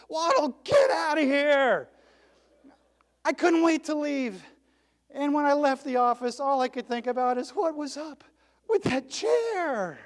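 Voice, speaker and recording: A keynote speaker, a man, tells his story with great drama, acting out the dialogue and bursting into shouted cheers. His voice sits high for a man. It rings with the long reverb of a big hall. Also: clear, resonant tone. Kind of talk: animated storytelling speech.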